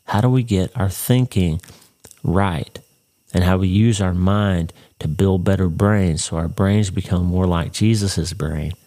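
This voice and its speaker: Unhurried and warm, a deep-voiced man teaches Bible study on his faith podcast. His devotional delivery is earnest and conversational, with questions aimed straight at the listener.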